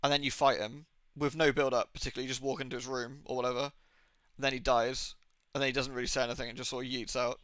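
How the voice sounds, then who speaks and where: Jokey young man streaming, bright voice. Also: medium pitch, level tone, smooth, no room sound. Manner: rambling, jokey, swears, acts out quick silly impressions. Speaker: game streamer. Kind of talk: casual live-stream chat.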